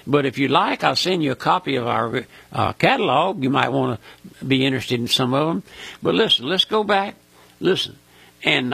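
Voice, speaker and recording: A man's voice: high-pitched, gravelly, sharp tone, husky, no echo. An older man with a Mississippi Southern accent, preaching a folksy, fervent radio sermon that is full of "my friend" and "listen".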